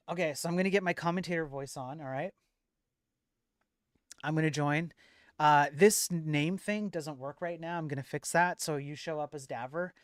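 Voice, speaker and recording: A man's voice: on the high side, normal speed, pauses often, no room sound, studio quality. Rambling man hosting a livestream. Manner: rambling, full of fillers and restarts. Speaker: livestream host and moderator. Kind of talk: casual stream chat.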